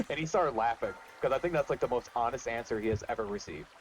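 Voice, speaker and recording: A man's voice: mid-range voice, animated, fast, a little hiss or hum. A man chatting casually during a game stream, telling candid work stories and acting out the people in them. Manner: candid storyteller, acts out quoted people. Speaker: co-host. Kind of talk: casual chat while gaming.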